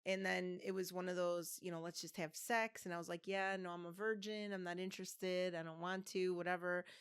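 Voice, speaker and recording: A woman's voice: on the low side, flat delivery, a little fast, clean tone. A woman in her fifties co-hosting a podcast, telling a long personal story in a rambling way, full of restarts and fillers. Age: 50s. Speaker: podcast co-host. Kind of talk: casual chat, storytelling.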